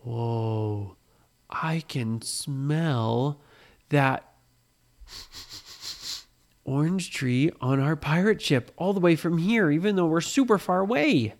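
A woman voicing a calm, helpful young boy in a bedtime story, speaking in a gentle, reasoning tone. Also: sits low, slow, pauses often, full character voice. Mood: amazed.

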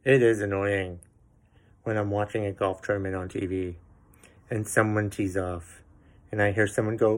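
A man's voice: lowish voice, normal speed, a little mellow. Profane ranting male podcast host. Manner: profane, exasperated ranting with sarcastic asides. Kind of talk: ranting commentary.

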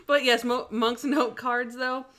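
A woman co-hosting a podcast in casual chat, animated and quick to act out lines from an episode. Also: fairly high pitch. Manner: animated, quotes characters in quick bursts. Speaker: podcast co-host.

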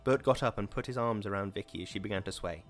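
Man, audiobook narration, low voice, measured and dramatic, faint music behind. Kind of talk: scripted narration.

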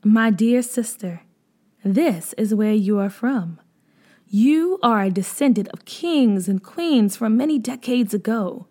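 A woman voicing the girls of an island tribe, speaking softly, slowly and reassuringly. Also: on the high side.

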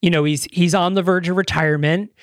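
A man's voice: high voice, fairly even intonation, fast talker, no room sound, clean studio sound. A man co-hosting a podcast, chatting casually, rambling and enthusiastic with casual swearing. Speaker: podcast co-host. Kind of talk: casual chat.

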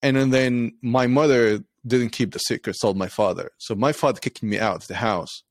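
Man telling a story with halting restarts. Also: mid-range voice, fairly even intonation, no echo, studio quality. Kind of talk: casual conversation.

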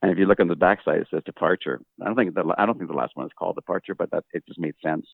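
A man's voice: sits low, racing, gravelly, dry recording. A male guest musician talking in a rambling, conversational way. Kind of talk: casual chat. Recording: tinny phone-line audio.

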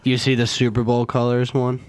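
A man's voice: mid-range voice, completely flat delivery, fairly quick, a little mellow, smooth. A man co-hosting a casual sports podcast, easygoing and agreeable. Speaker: podcast co-host.

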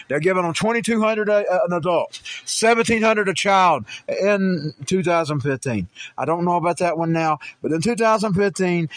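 A man's voice: high voice, a bit bright, dry recording. A man who hosts a political talk show, rambling through personal stories and news commentary, stumbling and restarting, and growing heated.

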